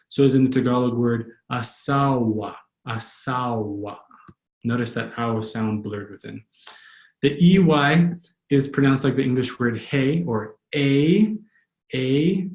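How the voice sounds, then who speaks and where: A man teaching pronunciation, slowly repeating each word for his learners. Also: mid-range voice, a little mellow. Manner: slow, repeats words carefully for learners. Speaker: language tutor. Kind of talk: pronunciation lesson. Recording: echoey room.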